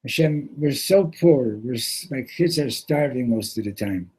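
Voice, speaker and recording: A man voicing a poor, pious water carrier who earnestly pleads with God in a husky voice. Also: medium pitch, animated, measured pace, darkish tone, voice pushed up. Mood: pleading.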